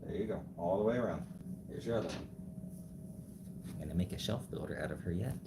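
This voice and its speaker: A man's voice: low voice, brisk, reverberant. A middle-aged American man coaching his wife through a build step by step, teasing her in casual livestream chat. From United States. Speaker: husband and co-host. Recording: noisy home livestream.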